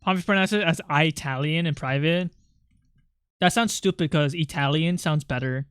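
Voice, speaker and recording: Smooth-voiced streamer joking while drawing. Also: mid-range voice, a bit bright, no room sound, clean studio sound. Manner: joking, quick to apologize; self-deprecating. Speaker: art streamer. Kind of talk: casual livestream chat while drawing.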